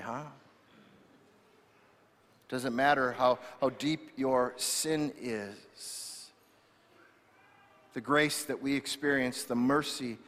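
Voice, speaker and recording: A man's voice: mid-range voice, fairly bright tone. Impassioned male pastor in an echoing church. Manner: impassioned, repeats words when restarting. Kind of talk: sermon. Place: church sanctuary. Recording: reverberant church hall.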